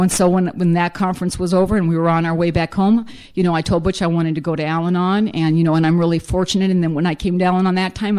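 A woman's voice: on the low side, warm tone. A middle-aged woman sharing her recovery story with a group, blunt and humorous, with many "you know"s. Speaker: speaker sharing at a recovery meeting. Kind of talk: personal recovery share to a group.

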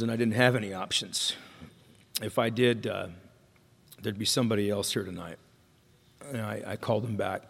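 A man's voice: mid-range voice, gravelly, fairly bright tone. A man telling his recovery story to a meeting, candid and self-deprecating, often stopping and restarting his sentences. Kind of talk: personal recovery story told to an audience. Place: meeting hall with an audience. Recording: long hall reverb.

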